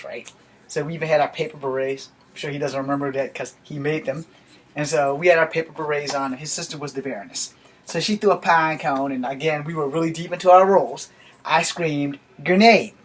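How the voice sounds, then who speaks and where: A man in a casual vlog, telling a rambling personal story and swearing freely. His voice sits a little high for a man, and he tells the story loosely. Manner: profane and rambling. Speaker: vlogger.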